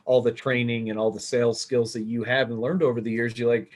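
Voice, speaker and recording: A man moderating a casual online panel, talking with his hands and giving emphatic, animated advice over a video call. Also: medium pitch, fairly quick.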